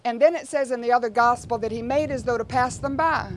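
A woman's voice: a little high, fast, a little hiss or hum. A woman preaching a sermon in a conversational way, with frequent rhetorical asides to her listeners.

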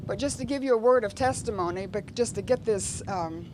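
A woman's voice: mid-range voice, brisk, noisy background. A woman preaching a sermon in a conversational way, with frequent rhetorical asides to her listeners.

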